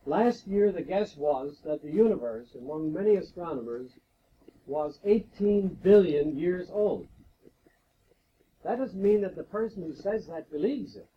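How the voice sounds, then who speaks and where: Guy giving a slow careful lecture, kinda high voice, muffled old tape with a faint hiss. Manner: measured, explanatory lecturing with rhetorical questions. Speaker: guest speaker at a faculty retreat devotion. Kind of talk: lecture-style talk on science and faith. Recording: dull lo-fi 1980s tape recording.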